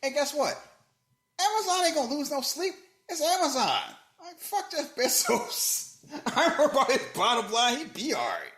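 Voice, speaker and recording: A man hosting a podcast in casual movie chat, joking and animated, jumping from loud bursts to low muttering. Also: fairly quick. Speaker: podcast host. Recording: roomy echo.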